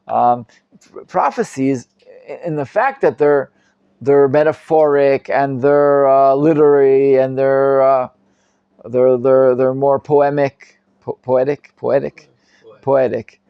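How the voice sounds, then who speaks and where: A man, a rabbi, teaching a live Bible class, reading Hebrew commentaries quickly and explaining them in English with frequent Hebrew terms. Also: clean tone, dry recording, muffled recording. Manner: animated, acts out quoted speakers with sudden loud pitch jumps.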